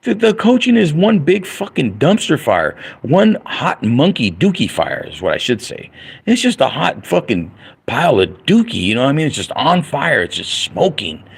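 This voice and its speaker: A man's voice: fairly high pitch, huge pitch swings, normal speed, gravelly, breathy edge. A middle-aged man in a casual late-night livestream, ranting with lots of profanity and repeating himself. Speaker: livestreaming vlogger.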